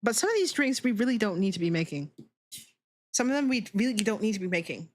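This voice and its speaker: A woman's voice: medium pitch, very animated, quick pace. A woman VTuber streamer in casual chat, ranting with lots of swearing and laughing often.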